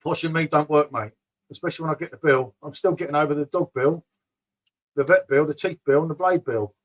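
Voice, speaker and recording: A man's voice: a little high, brisk, low-quality recording. A middle-aged man rambling casually about beer on a live stream, often calling viewers mate. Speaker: beer vlogger reading live chat.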